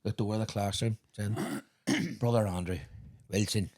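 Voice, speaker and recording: A man with a Northern Irish accent telling swearing, animated stories in a casual podcast chat. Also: on the low side, measured pace, breathy edge. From Northern Ireland. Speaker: podcast host.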